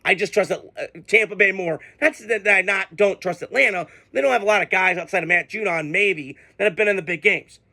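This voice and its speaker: A man with a high, bright voice and a gravelly edge delivers a casual sports rant. He gets heated and profane, venting his frustration in sudden outbursts. His tone stays sharp and forceful throughout. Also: fairly quick, few pauses. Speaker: sports podcast host. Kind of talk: casual ranting commentary.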